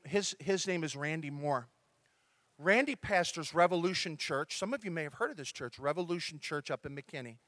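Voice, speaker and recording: A man preaching a sermon as pastor, talking to his congregation in a lively, conversational way. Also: high voice, no echo.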